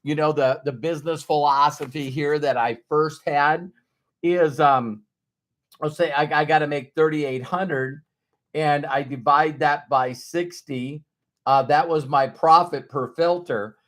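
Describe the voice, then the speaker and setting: A man telling a motivational story as a business trainer, in an animated, emphatic way with lots of repetition. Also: fairly high pitch, measured pace.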